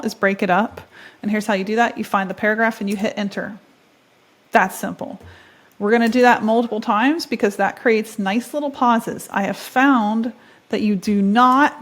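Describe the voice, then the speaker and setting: Chatty woman walking through a tutorial. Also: a little high. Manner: chatty, upbeat, thinks aloud while clicking. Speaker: tutorial host. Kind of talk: casual screen-share tutorial.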